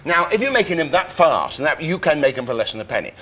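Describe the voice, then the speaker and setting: An older man explains things with real animation, his voice leaping up and down as he demonstrates sounds. He sits a little high in pitch for a man and talks in a lively, teacherly way. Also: fast. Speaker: science explainer guest.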